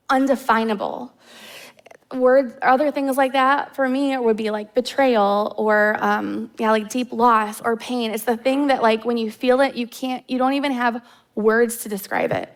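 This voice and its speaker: A woman's voice: a little high, fairly even intonation, measured pace. A woman in her thirties with a Midwestern American accent, telling a personal story in a sermon from a church stage, with casual fillers. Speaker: guest preacher.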